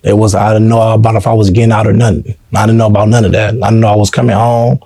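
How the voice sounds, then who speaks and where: An earnest man tells his story in a relaxed interview, constantly checking in with "you know what I'm saying." His voice is dark and mellow. It is recorded dry and close, with no room sound. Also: fairly low pitch, quick pace, no room sound. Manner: earnest, heartfelt. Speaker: interview guest. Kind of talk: casual personal storytelling.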